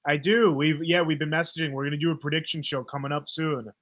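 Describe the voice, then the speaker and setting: A man's voice: fairly high pitch, fairly even intonation, fairly bright tone, no echo. Guest, male, from New York City, light upbeat reactor; dry close mic. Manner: encouraging, quick little reactions. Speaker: podcast guest. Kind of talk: casual chat.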